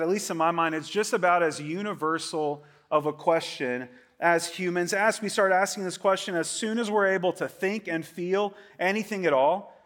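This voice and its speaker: A man in his late thirties, pitched rather high, preaching a sermon in an easygoing, chatty way. He jokes along and keeps checking in with his listeners with a quick "right?". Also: a bit bright. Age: 30s. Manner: conversational, joking, asks the crowd "right?". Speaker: pastor.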